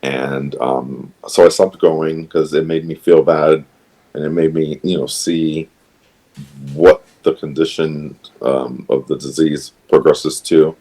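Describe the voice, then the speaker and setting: A man on a podcast telling a personal story in a hesitant, halting way, full of pauses and restarts. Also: extremely low pitch, little pitch movement, dark tone, poor audio. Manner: hesitant, many ums and restarts, emotional retelling. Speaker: podcast guest.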